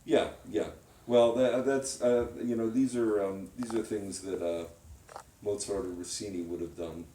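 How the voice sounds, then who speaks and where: A man's voice: on the low side, fairly even intonation, a little slow, dark tone. A man giving a one-on-one music lesson, talking hesitantly with many fillers and restarts. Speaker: composition teacher. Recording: roomy sound from a distance. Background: piano playing.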